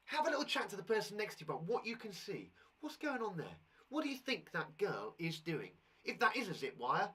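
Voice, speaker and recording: A man with a British English accent teaching a live online lesson for primary school children, talking straight to the kids at home and reading a story aloud slowly. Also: sits high, recorded from a distance. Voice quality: husky, animated.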